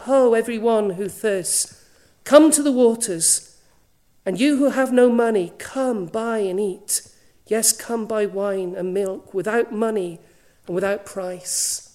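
A woman preaching a sermon, earnest, often dropping to a hushed voice. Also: fairly high pitch. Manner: earnest, drops to a hushed voice for quoted invitations.

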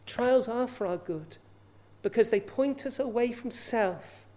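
A woman's voice: a little high, measured pace, warm tone. A woman preaching a sermon in an earnest way, often asking her listeners rhetorical questions.

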